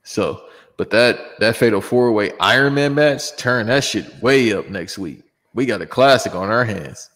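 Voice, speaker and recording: A man's voice: on the low side, lively intonation, unhurried, a bit bright, long reverb tail. A man co-hosting a casual wrestling chat show, talking in loose, slangy, profane banter. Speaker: podcast co-host.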